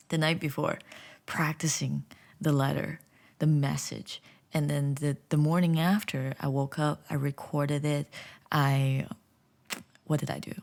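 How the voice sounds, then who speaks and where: A woman's voice: low-pitched, gravelly. A woman vlogger telling a personal story in a casual, chatty way, sometimes dropping to a whisper. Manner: chatty, animated, drops to whispers.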